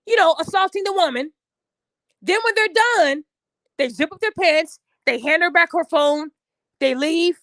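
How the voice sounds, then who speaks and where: A woman's voice: high-pitched, a bit bright, no echo. A woman podcast host delivering a heated, profane opinion rant straight at her listeners. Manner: addresses listeners directly.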